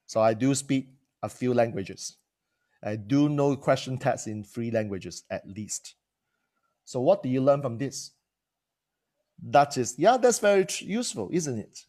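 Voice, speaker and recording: An expressive man with a medium-pitched, slightly mellow voice speaks at a moderate pace, pausing at length. He's a coach and trainer teaching to camera, prone to rhetorical questions and restarted phrases.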